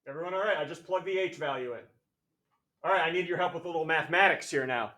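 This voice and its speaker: A male math teacher lecturing a classroom, energetic and jokey, calling on students by name. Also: fairly high pitch, quick pace. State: out of breath.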